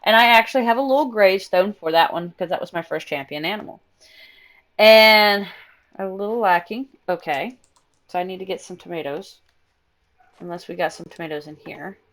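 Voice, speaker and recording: A young woman streaming live, chatting excitedly and telling stories while she plays a game. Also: mid-range voice, moderate pace. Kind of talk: casual gaming stream chat.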